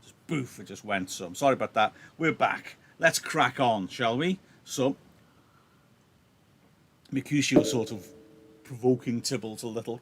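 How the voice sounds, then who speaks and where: A man's voice: mid-range voice, measured pace, pauses often, fairly bright tone, slight background noise. A male teacher, chatty and apologetic, explaining a play on a livestream through his laptop, his throat a little sore. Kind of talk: livestreamed reading lesson with analysis.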